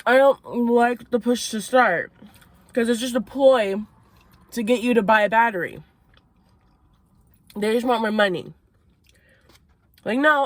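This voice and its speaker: A woman's voice: mid-range voice, dry recording. Young woman rambling about her day between bites, swears a lot, dry sound. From Maine. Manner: chatty, swears casually, laughs between bites. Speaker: vlogger. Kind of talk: casual storytelling while eating. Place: inside a parked car.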